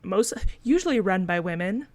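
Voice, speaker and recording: A woman's voice: medium pitch, expressive, normal speed, a little mellow, dry recording. Chatty woman with a Missouri accent. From Missouri, USA. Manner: chatty, many fillers, laughs between points. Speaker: podcast co-host. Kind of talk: casual podcast chat.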